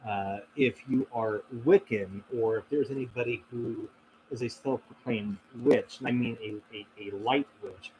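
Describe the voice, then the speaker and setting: A man's voice: mid-range voice, measured pace, a little mellow, slight background noise, poor audio. A man hosting a casual question-and-answer stream, talking in a reflective, rambling way with many fillers and restarts. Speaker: host answering viewer questions. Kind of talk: casual livestream Q&A.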